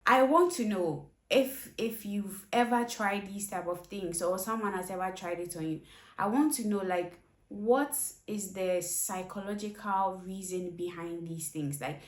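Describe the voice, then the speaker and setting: A woman's voice: mid-range voice, unhurried, roomy sound. A woman host reacting to clips in casual commentary, questioning and emphatic as she pushes back on advice.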